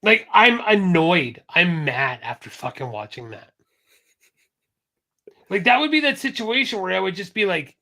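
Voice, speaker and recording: A man's voice: high-pitched, very animated, a little slow, gravelly, sharp tone. A man co-hosting a podcast, ranting in a blunt, profane way. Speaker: podcast co-host. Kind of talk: casual podcast chat.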